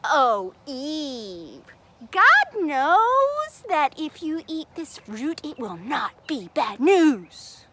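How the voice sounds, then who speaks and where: A woman voicing a sly male serpent who tempts in a slow, hushed, drawn-out way for a children's Bible story. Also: sits high, big pitch swings, background noise, heavily acted. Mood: coaxing.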